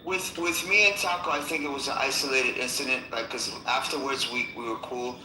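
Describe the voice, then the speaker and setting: A man's voice: mid-range voice, fairly even intonation, brisk, pushed and bright, slight background noise. Hesitant, stammering man, echoey room. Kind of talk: casual chat.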